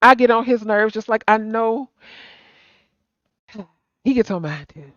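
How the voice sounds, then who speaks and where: A woman's voice: on the high side, animated, measured pace, a bit bright, no room sound, muffled recording. Blunt sleepy woman host. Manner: blunt and emphatic, swearing. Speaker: stream host. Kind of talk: casual live-stream chat.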